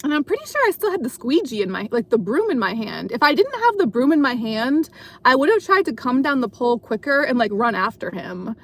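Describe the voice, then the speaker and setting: A woman's voice: high-pitched, very animated, brisk, a bit bright. A woman telling a story in a casual live chat from her car, rambling with lots of fillers and restarts. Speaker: live streamer. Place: car at night while driving.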